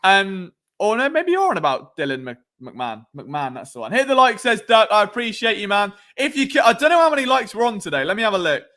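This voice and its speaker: A man's voice: sits high, big pitch swings, fast talker, hardly any pauses, bright, forceful tone. A man in his late twenties, hosting a casual sports live stream from home at night, chatty and jokey, often tripping over names. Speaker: sports podcast host. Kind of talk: casual live stream chat reading comments. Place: home at night, below noisy neighbours.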